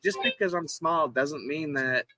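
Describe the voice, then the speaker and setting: A man in casual conversation, swearing freely and retelling a roadside run-in with animated energy. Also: fairly high pitch, unhurried, music in the background, poor audio. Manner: profane storyteller, animated retelling of a confrontation. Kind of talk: casual chat.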